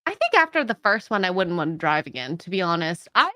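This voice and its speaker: Giggly bright-voiced Canadian woman host. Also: on the low side, fast talker, no echo, studio quality. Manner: giggly, animated, reacts with gasps. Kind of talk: casual livestream chat.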